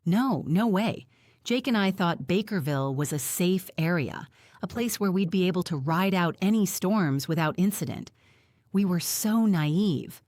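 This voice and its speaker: A woman narrating a first-person audiobook in a steady, reflective way. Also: fairly low pitch, a little slow, no room sound, clean studio sound.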